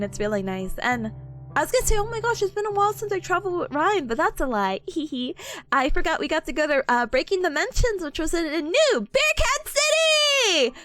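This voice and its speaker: Woman, twenties, streamer, casual chat, giggly, lively pitch, faint background music. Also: a little fast. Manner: giggly, chatty, reads chat aloud. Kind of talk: casual chat with live viewers.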